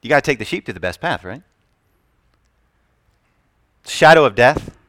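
A man preaching a sermon to a congregation, swinging between loud declarations and hushed asides, telling stories with humor. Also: medium pitch, expressive, normal speed, no echo. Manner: storytelling with humor. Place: church.

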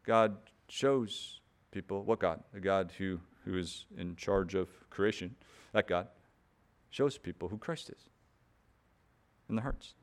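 A man's voice: low-pitched, a little slow, long pauses. A man preaching a sermon in an earnest, emphatic way, pressing key points harder and often repeating words as he builds them.

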